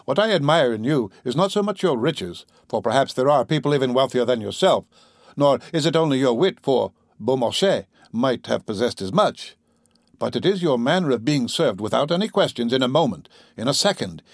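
A man reading a chatty young French viscount in an audiobook, in an animated, slightly raised voice. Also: mid-range voice, a little fast, dry recording, studio quality. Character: young male French viscount, lively and gossipy. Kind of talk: audiobook character voice.

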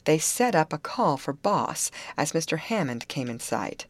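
A woman narrates a classic novel in a measured storytelling manner. Her voice is low-pitched but expressive, moving widely in pitch. The recording is dry and close, with no room sound. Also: no room sound. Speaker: audiobook narrator. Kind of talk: scripted audiobook narration.

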